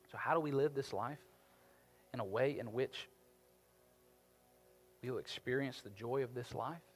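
A man preaching a sermon as pastor, with emphatic delivery that swings from quiet to loud. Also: medium pitch, a little slow, long pauses. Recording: reverberant hall with faint music.

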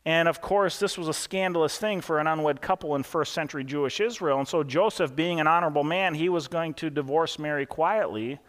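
Bright-voiced male pastor in a ringing hall. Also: on the high side, fairly quick, hardly any pauses. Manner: folksy storytelling with fillers. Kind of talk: sermon.

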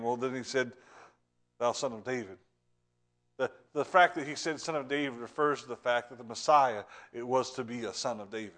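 A man preaching a sermon with fervor, repeating and restarting words, swinging between loud urgent lines and hushed ones. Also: medium pitch.

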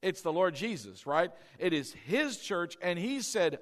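A man's voice: high-pitched, very animated, a little slow. A man preaching a sermon, often asking "all right?" and having the congregation repeat key words after him. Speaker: pastor.

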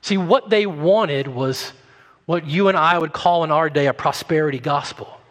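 A male pastor preaching a sermon emphatically, rising loud and dropping quiet. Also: a little high, normal speed. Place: church sanctuary. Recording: long hall reverb.

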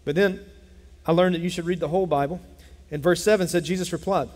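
A man preaching a sermon as pastor, telling a Bible story in an animated way and acting out its characters. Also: high-pitched, fast talker. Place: church sanctuary. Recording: long hall reverb.

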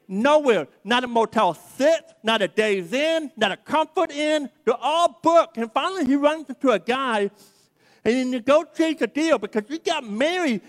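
Preacher with a very high voice, long hall reverb, lively and humorous storytelling. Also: male voice, moderate pace. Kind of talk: sermon storytelling.

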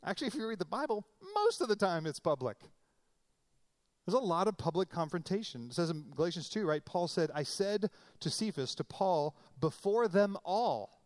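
A middle-aged man preaches a sermon in an easy, conversational way. He breaks into playful voices for quoted lines, and his voice sits somewhat high for a man. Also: brisk. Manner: conversational, animated, acts out quotes with comic voices. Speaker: pastor.

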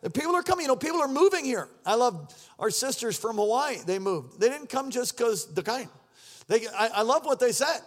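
Male pastor, very high voice; energetic shouted sermon with call-and-response. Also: fairly quick. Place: church sanctuary.

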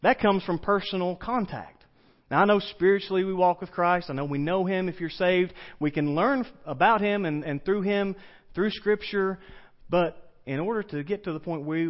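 A pastor with an East Tennessee Southern accent, preaching a casual, story-driven sermon and putting questions to his congregation. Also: on the high side. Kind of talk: conversational sermon. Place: church sanctuary. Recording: dull lo-fi church recording.

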